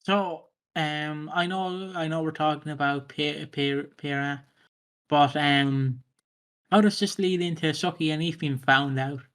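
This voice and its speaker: A man's voice: fairly high pitch, steady tone, measured pace, fairly bright tone. A man co-hosting a casual podcast chat, joking and swearing freely. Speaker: podcast co-host.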